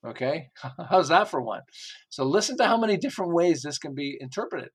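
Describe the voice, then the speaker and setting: Middle-aged guy on a podcast, kinda high voice, lively storyteller doing little voices. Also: a little fast, breathy edge. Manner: animated storyteller who acts out quotes. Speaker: podcast guest, marketing expert. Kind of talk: casual interview chat.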